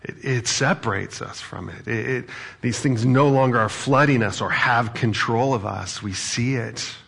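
A man's voice: mid-range voice, moderate pace, vocal fry, fairly bright tone, slightly rough. A man preaching a sermon as a pastor, talking in a conversational way and asking the audience questions.

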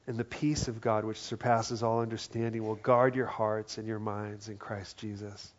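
Earnest male pastor preaching softly. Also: fairly low pitch, little pitch movement, normal speed, highs cut off. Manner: earnest, drops to soft quiet tones for quoted words. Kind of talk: sermon.

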